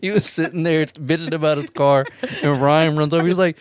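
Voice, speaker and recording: A man's voice: a little high, quick pace, few pauses, a little mellow. A man telling stories in casual podcast chat, swearing freely and laughing as he talks.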